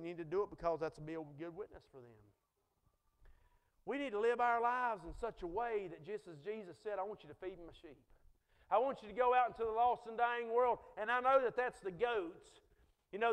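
A man preaching a sermon as pastor, swinging between loud exhortation and hushed quotes. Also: very high-pitched. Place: church sanctuary. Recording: long reverb of a church sanctuary.

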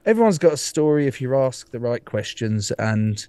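A man's voice: medium pitch, very animated, normal speed, dark tone, smooth, dry recording. A man on a video call chatting about his podcast, rambling and swearing, laughing often. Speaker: podcast guest. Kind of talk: casual chat.

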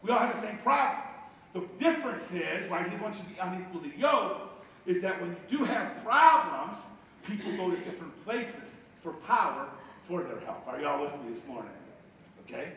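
A male pastor from Ohio preaching a sermon, swinging between loud bursts and hushed asides. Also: high voice, expressive, fairly quick, distant mic, a little hiss or hum. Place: church sanctuary. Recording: echoey hall, picked up from afar.

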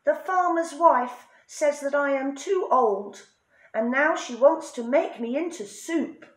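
A woman voicing a fretful old male rooster in a children's storybook, with high, exclaiming lines in a roomy space. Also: slow pace. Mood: worried. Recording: roomy echo.

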